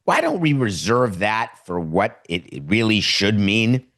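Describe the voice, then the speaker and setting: A man's voice: fairly low pitch, sing-song, a little slow, fairly bright tone. A middle-aged man hosting a sports podcast, giving opinionated commentary with heavy sarcasm and mock dialogue. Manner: sarcastic, acts out mock phone calls. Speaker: podcast host.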